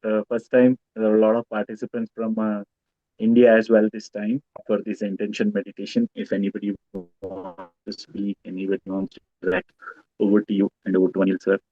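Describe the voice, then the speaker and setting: A man briskly and courteously moderating an online meeting. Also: lowish voice, little pitch movement, no room sound. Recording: phone-like, dry, distant from mic.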